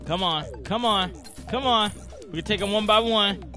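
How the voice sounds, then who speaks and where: A young man giving let's-play commentary, reacting out loud to a game with groans, cheers and sudden shouts. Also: moderate pace, soft background music. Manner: excitable, shouts and groans at the game, swings high and low. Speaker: gaming channel host.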